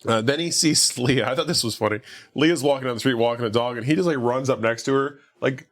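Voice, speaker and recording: A man's voice: medium pitch, fast. A man casually recapping a movie on a podcast, rambling with lots of fillers and acting out the characters' lines. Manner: rambling, lots of "like", acts out quotes. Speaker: podcast co-host.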